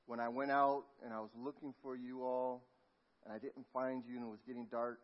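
A middle-aged man preaching a sermon, telling a family story and dropping to a near hush at tender moments. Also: medium pitch, little pitch movement, a little fast. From Los Angeles. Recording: muffled lo-fi sound.

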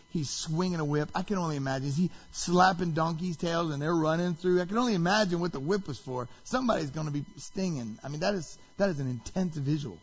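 Male pastor, sermon, raised husky voice, dramatic delivery, muffled recording. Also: a little high. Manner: dramatic, shifts between hushed and shouted quotes.

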